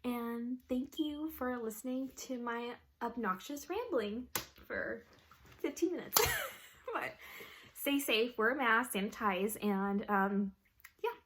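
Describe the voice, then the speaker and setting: A young woman vlogger telling a funny story, animated and laughing often, with lots of "like". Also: a little high, slow, noisy background. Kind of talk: casual storytelling vlog.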